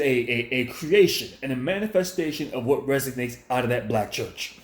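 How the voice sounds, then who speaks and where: Man vlogger, raised-pitch confrontational rant, echoey room sound. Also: a little mellow. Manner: confrontational, preachy, repetitive. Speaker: commentary vlogger. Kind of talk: ranting monologue commentary.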